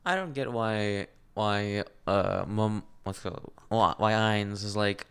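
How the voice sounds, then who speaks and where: A man's voice: on the low side, unhurried, hardly any pauses, fairly bright tone, clean tone. A man reading a manga aloud and reacting in casual commentary, laughing often, swearing freely and gushing over cute things.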